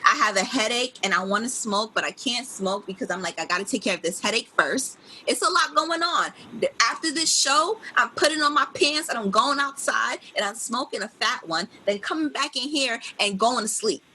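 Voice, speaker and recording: A woman's voice: fairly high pitch, moderate pace, pushed and bright, breathy edge, poor audio. A woman from New York co-hosting a podcast, telling a story in casual chat, swearing often and acting out the other people in it. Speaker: podcast co-host.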